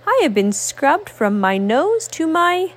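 A woman voicing an excited old farm pig in a picture book read aloud, with high squealy bursts. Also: takes it slowly, exaggerated voice. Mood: whining.

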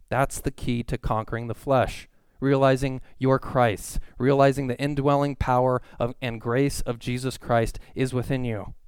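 A man's voice: medium pitch, level tone, moderate pace, darkish tone, smooth, no echo. A young man preaching a sermon as pastor, earnest and emphatic, building on repeated phrases. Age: young adult.

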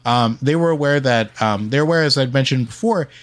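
This co-host of a casual history podcast reads out facts from his notes, stumbling often on ums and uhs. He talks a little fast at a medium pitch.

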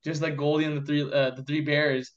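A man with a slightly high voice hosts a casual film review chat, rambling and excitable. He swears freely as he goes. The recording sounds dull and lo-fi. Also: brisk. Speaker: podcast host.

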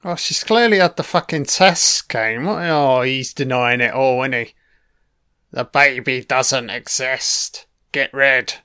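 Slow, profane film commentator, a man. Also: medium pitch, sharp tone, smooth. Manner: profane, wry running remarks.

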